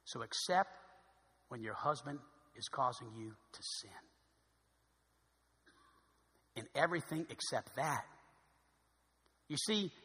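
A man preaching a sermon as pastor, swinging between loud emphatic stretches and quiet asides. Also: medium pitch, breathy edge. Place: church sanctuary. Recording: long hall reverb.

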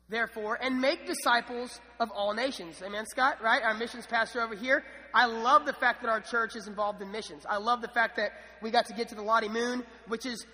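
A man's voice: very high voice, sharp tone. A young man preaching a sermon in a church, enthusiastic and casual, with frequent restarts and fillers. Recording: church hall reverb.

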